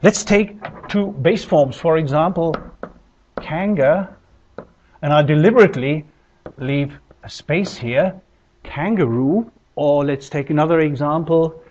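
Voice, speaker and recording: A man giving a measured, explanatory linguistics lecture, with deliberate pauses. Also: on the high side, darkish tone. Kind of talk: recorded university lecture. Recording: dull lo-fi lecture recording.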